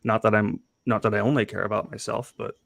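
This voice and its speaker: Man, young adult father, livestream guest, hesitant, gravelly, dry close sound. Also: on the low side, little pitch movement, fairly bright tone, no echo. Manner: hesitant, halting, reads viewer comments aloud. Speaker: guest on a live stream, a father. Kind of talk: casual livestream talk.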